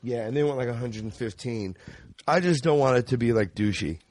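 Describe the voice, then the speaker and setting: A man talks as a guest in a casual chat. He sounds easygoing and self-deprecating, at an ordinary pitch for a man. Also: fairly quick, crowd noise. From New York. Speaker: podcast guest.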